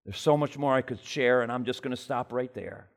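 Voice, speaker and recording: A man preaching a sermon with passion, climbing loud and high in his stories and then dropping low and quiet into prayer. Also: a little fast, creaky.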